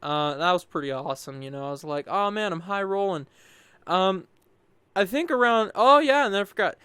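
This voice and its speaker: A man's voice: high-pitched, a little fast, sharp tone, smooth, no echo. A young man casually recapping his gameplay in a rambling, upbeat way, full of fillers and quoted asides. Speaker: gaming YouTuber.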